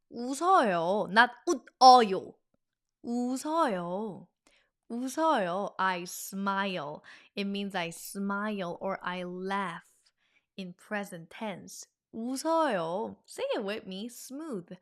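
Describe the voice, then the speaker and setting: A woman teaching an online language lesson in an upbeat, animated, teacherly way. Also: mid-range voice, clean tone.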